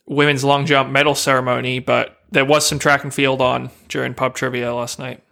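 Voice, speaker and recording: A man's voice: medium pitch, little pitch movement, moderate pace, creaky, bright, forceful tone. A man co-hosting a podcast in casual chat, laying things out step by step. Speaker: podcast co-host.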